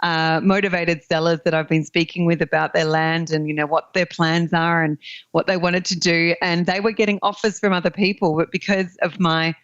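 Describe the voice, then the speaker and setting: A woman's voice: on the low side, flat delivery, normal speed, a bit bright, smooth, no echo, highs cut off. A woman with an Australian accent who grew up in country Australia, talking as a guest in a podcast interview in a friendly, outgoing way and laughing often. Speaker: guest, land investor.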